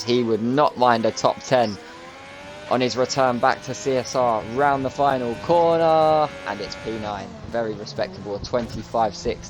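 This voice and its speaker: Chatty man calling a sim race. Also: lowish voice. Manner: chatty, jokey play-by-play. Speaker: sim racing commentator. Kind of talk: live race commentary. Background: music.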